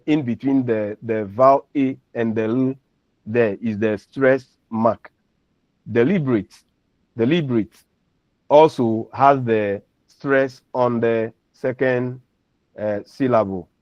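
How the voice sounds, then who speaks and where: A man's voice: medium pitch, no room sound. A man lecturing on phonetics, patiently explaining and repeating example words. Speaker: university lecturer. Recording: dull lo-fi recording.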